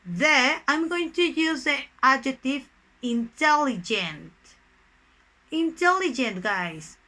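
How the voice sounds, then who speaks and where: A young woman who speaks Spanish natively, teaching an online English grammar lesson with a Mexican Spanish accent, explaining slowly and deliberately and often addressing the class as "guys". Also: high-pitched, expressive, pushed and bright, low-quality recording.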